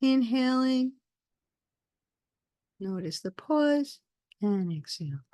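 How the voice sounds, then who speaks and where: A woman teaching a meditation class over a video call, guiding the group with soft, soothing phrases and pauses. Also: high-pitched, expressive, no room sound.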